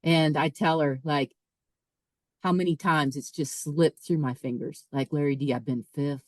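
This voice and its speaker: A woman, a podcast guest, telling a personal story in a lively way, often repeating and restarting her words. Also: sits low, normal speed, no echo, poor audio. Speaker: podcast guest, author and speaker. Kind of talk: casual storytelling.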